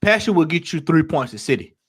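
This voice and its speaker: A man's voice: on the high side, sing-song, fairly quick, breathy edge. A man on a football fan call-in show, talking earnestly and emphatically and repeating phrases to drive his points home. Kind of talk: casual football chat.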